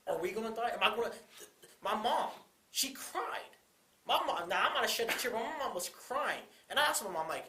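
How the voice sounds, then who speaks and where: A man's voice: high voice, very animated, fairly quick, pushed and bright. Young man, college co-host, impassioned and repetitive, roomy echo. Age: young adult. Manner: urgent, repetitive, rising to pleading. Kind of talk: impassioned commentary.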